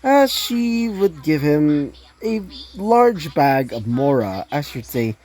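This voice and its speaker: A woman's voice: sits low, sing-song, a little slow, hardly any pauses, dark tone. A woman casually reading her own fan-fiction story aloud, rambling with many fillers and laughing at her own slips.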